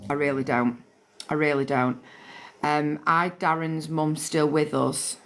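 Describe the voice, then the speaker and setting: A woman's voice: low voice, fairly even intonation, measured pace. A woman, chatting casually and swearing freely while she hosts a live stream on her phone. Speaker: livestream host.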